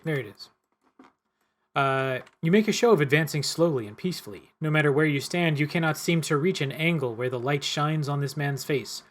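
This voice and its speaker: A man's voice: on the high side, a little fast. A man playing a cooperative card game, reading the story text aloud and stumbling and correcting himself as he goes.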